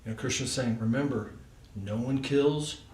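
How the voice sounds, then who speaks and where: A man speaking at an everyday pitch, telling a casual personal story at a devotional gathering. His talk is loose and full of little fillers. He sounds set back from the mic in an echoey room, with a faint hiss underneath. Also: moderate pace, darkish tone, far from the mic. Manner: loose and chatty, many fillers like "like" and "you know".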